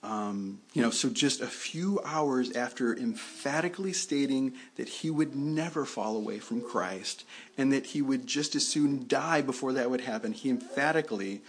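A man's voice: mid-range voice, moderate pace. A man preaching a sermon in a conversational way, often restarting his sentences. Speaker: pastor.

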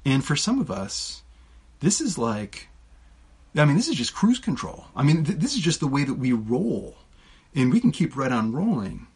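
A man's voice: mid-range voice, sing-song, normal speed, a little mellow, slightly rough. A male preacher giving a conversational sermon with casual asides, often restarting his sentences. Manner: conversational, with frequent restarts and filler words.

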